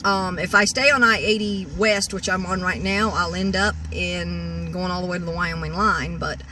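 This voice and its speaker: A woman's voice: fairly low pitch, fairly even intonation, moderate pace, bright, forceful tone, distant mic, slight background noise. Rambling woman in her sixties, off-mic. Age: 60s. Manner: rambling, full of restarts and repeated words. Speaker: car-camping vlogger. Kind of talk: rambling vlog rant. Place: parked vehicle in a store parking lot.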